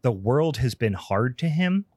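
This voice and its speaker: A man's voice: medium pitch, very animated, unhurried, mellow, slightly rough, no echo, clean studio sound. A man co-hosting a casual film podcast, rambling in profane, laughing rants. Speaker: podcast co-host.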